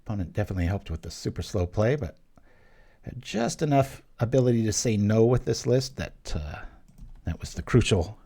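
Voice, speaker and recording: Casual young male gameplay host, low and mellow, chatty and thinking aloud. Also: lively intonation, breathy edge. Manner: casual, thinking aloud, quick jokes and small exclamations. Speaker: channel host playing an online card game. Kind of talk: live gameplay commentary.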